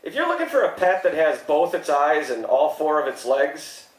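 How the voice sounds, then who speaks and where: Deadpan stand-up comic in an echoey club. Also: male voice, on the high side, moderate pace. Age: 30s. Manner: deadpan one-liners with mock-shocked outbursts. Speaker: stand-up comedian. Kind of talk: stand-up comedy set. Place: comedy club stage.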